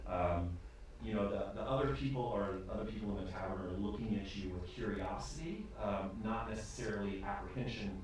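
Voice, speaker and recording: A low-voiced man narrating a tabletop game as game master, rambling and searching for words. He sounds far from the mic. The echoey room carries a faint hiss. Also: brisk, hardly any pauses, a little mellow. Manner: rambling, hesitant, full of ums.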